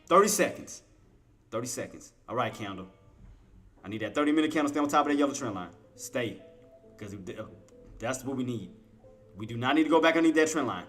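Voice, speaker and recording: A man streaming live trading commentary, coaxing and trash-talking the chart, shifting between low muttering and loud playful outbursts. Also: animated, a little fast, soft background music. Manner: coaxes and taunts the price chart, swinging from muttering to loud outbursts; playful trash talk with laughter.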